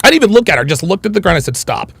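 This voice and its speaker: A man's voice: high voice, big pitch swings, racing, creaky, fairly bright tone, slightly rough, no echo. A man hosting a livestream, reading super chats and ranting bluntly with heavy swearing. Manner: blunt, combative, swears heavily. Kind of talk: profane livestream rant.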